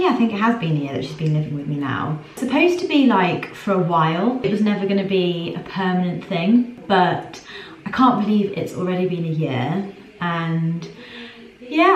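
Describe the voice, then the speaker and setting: A young woman chatting casually in a weekly vlog, rambling with lots of "like", sometimes mumbling softly while she eats. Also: medium pitch, roomy sound, poor audio. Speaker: vlogger.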